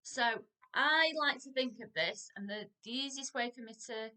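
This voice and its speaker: A woman teaching a parenting lesson, lively and playful, acting out what parents and children say. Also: a little high, normal speed. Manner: animated, acts out parent and child lines. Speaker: parenting practitioner.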